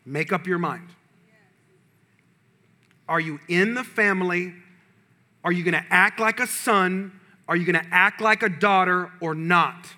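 A male pastor delivers a sermon in a loose, conversational voice, repeating lines for emphasis. His voice sits high. It has a sharp, bright edge. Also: moderate pace. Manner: preaching with rising intensity, quoting imagined prayers.

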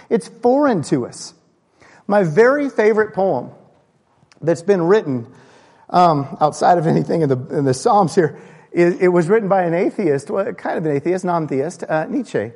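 A man preaching a sermon in a church, his voice sitting a little high for a man. He swings between loud, raised bursts and low, hushed lines. A long reverb from the hall trails after his words. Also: animated, moderate pace. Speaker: pastor.

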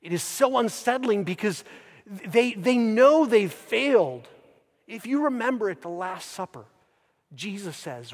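A man preaching a sermon, swinging from loud, emphatic bursts down to hushed, near-whispered phrases. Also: sits high, sing-song, a little slow. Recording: long church reverb.

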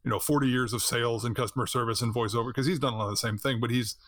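Podcast host, thirties man, animated storyteller, mid-pitched, dry close sound. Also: rapid-fire, no echo. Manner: animated storyteller, laughs often, acts out quotes. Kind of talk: casual chat.

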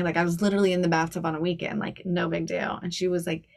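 A woman in her forties, telling stories as a guest in a casual podcast interview, chatty and quick to laugh. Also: fairly low pitch, flat delivery, vocal fry. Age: 40s. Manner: chatty, laughs often, storytelling. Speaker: guest style coach.

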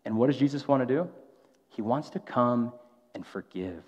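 Preaching casually and conversationally, this male pastor keeps slipping in a rhetorical "right?". He speaks at a normal pace with a medium-pitched, husky, somewhat dark voice full of expression. A long hall reverb and a dull, lo-fi quality color the audio.

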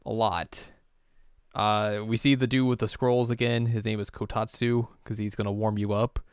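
A man's voice: on the low side, fairly even intonation, normal speed, clear, resonant tone, no echo, studio quality. A man hosting a podcast, recapping an episode in a jokey, casual way and slipping into silly voices. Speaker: podcast host.

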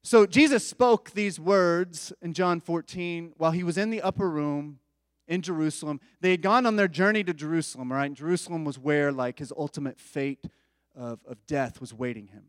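Male preacher, slightly high voice, relaxed conversational sermon, dry close recording. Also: moderate pace, dry recording, big-room sound. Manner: conversational, informal asides. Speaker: pastor.

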